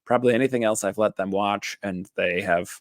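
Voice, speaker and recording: Guy with a lowish voice rambling thru a tv review, lots of ums and restarts, dry close mic. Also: brisk, no room sound. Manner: rambling, filler-heavy, self-interrupting. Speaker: therapist reviewing a TV series. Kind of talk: casual review monologue.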